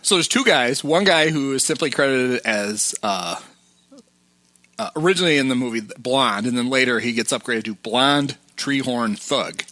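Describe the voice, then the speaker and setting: A man co-hosting a casual film podcast who walks through the plot scene by scene. His voice is bright and forward, and it was recorded close in a dry, dead-sounding room. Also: medium pitch, moderate pace, no room sound. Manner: recaps the plot and acts out quotes. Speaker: podcast co-host.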